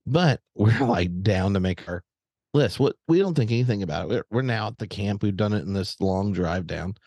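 A man telling a long story in casual chat, animated and rambling with many fillers and restarts. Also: fairly low pitch, moderate pace, breathy edge, dry recording. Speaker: podcast guest.

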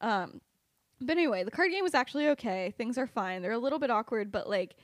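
Young woman podcaster rambling through a story, lots of likes and ums, kinda high voice, dry sound. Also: expressive, fast, no echo. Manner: chatty, many "like" and "um", laughs at her own story. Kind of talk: casual fan-fiction retelling.

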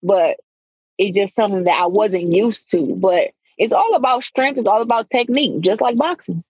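Blunt, animated young woman guest. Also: medium pitch, moderate pace, slightly rough, no echo, rough recording. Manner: blunt, animated storytelling, casual slang. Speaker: guest, professional boxer. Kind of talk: casual interview.

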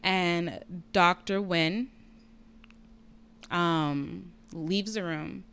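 Brief: smooth-voiced woman, blunt, swearing storyteller in casual chat. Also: on the low side, extremely slow. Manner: candid, profane, lively retelling.

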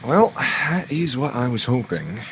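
A man voicing a polite, quick-witted character who speaks in a droll, dry way. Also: medium pitch, very animated, a bit bright, slight background noise, voice pushed up.

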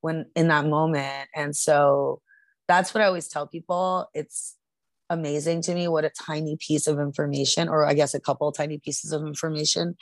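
A middle-aged woman with a low, deep voice tells a story in a relaxed, conversational way. She is earnest and often restarts her sentences. The sound is close and dry, with no room around it. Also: no room sound. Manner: earnest, with frequent restarts and filler. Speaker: podcast co-host.

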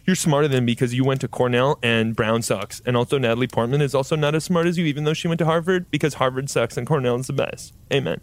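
A man's voice: medium pitch, quick pace, few pauses, lightly acted. A man voicing a smitten, bossy teenage witch in a comedic reading, in a raised, breathless delivery. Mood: smug.

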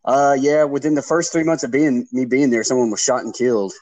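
A man's voice: medium pitch, steady tone, fairly quick, darkish tone, no echo, poor audio. A man, hosting a casual podcast chat and laughing often as he tells stories. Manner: laughs often while telling stories, swears. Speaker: podcast host.

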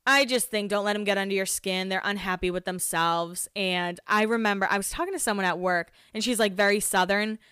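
Talking a little fast with hardly any pauses, a late-twenties podcast host shares candid stories in casual conversation, laughing a lot and swearing freely. Her mid-range voice is bright, forceful, clear and resonant, recorded in studio quality with no room sound.

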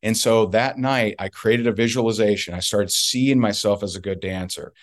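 A man's voice: fairly low pitch, normal speed. A man being interviewed as a guest, telling a story emphatically and repeating points for effect. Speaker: guest, network marketer.

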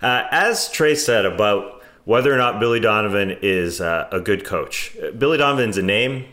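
Low-voiced man hesitating through analysis. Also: animated, normal speed, a bit bright. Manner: hesitant, many fillers and restarts. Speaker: sports panelist. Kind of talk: casual basketball discussion.

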